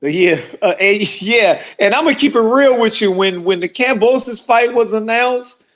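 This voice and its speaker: A man with a high voice joins a casual boxing conversation. He is laid-back, mostly agreeing and laughing along. His sound is dull and lo-fi. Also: normal speed, a bit bright.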